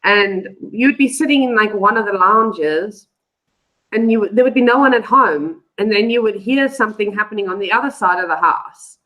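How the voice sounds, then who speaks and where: A woman's voice: mid-range voice, moderate pace, pushed and bright, low-quality recording. Rambling woman telling a story. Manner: rambling, with many fillers and restarts. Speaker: guest. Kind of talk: casual storytelling. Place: live online show.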